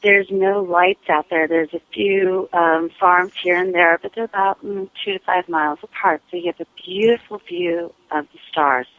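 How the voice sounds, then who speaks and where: A woman calling in to a radio show, telling a story slowly with hesitant fillers. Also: on the low side, fairly even intonation. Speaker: caller. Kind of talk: phone-in storytelling. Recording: tinny phone line.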